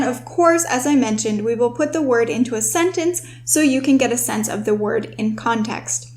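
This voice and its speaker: A young woman with a fairly high voice hosts a scripted vocabulary lesson. She explains each word clearly and instructively, and she slows down to stress the key terms. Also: darkish tone. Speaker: host and writing tutor.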